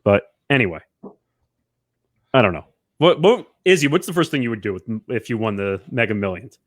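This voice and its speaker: Male host, swooping lively delivery, dead-dry sound, runs the chat. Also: mid-range voice, a little fast, no echo. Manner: steers the talk, joking asides. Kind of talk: casual show chat.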